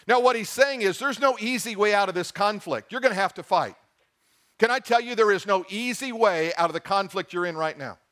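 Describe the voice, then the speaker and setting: A pastor preaching a sermon, reading scripture aloud and asking the congregation questions with emphasis. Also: male voice, sits high, a little fast, a bit bright.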